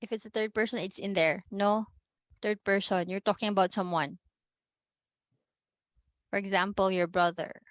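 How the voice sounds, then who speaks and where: A woman's voice: medium pitch, fairly even intonation, moderate pace, pauses often, no room sound. A woman with a Filipino accent teaching a Spanish class online, patient, mixing English with Tagalog and checking often whether students follow.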